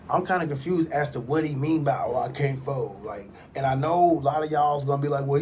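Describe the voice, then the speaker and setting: A man's voice: medium pitch, slight background noise. Guy reacting to a clip, loose slangy rant, acts out what people say. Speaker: reaction channel host. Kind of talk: casual reaction commentary.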